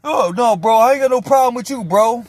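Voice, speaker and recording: A man doing a high-voiced, blustering inmate. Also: expressive, dry recording. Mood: backpedaling. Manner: high, defensive, quick backpedaling. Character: blustering adult male inmate who backs down.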